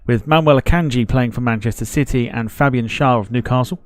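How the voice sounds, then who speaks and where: A man's voice: medium pitch, a little fast, dry recording. A man hosting a live football watchalong stream, chatting casually, greeting viewers in the chat and laughing at himself as he rambles.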